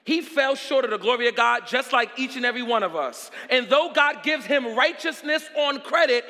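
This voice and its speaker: A man preaching a sermon with drama, repeating phrases and swinging from hushed words to shouting. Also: very high voice, moderate pace, hardly any pauses, in a large hall.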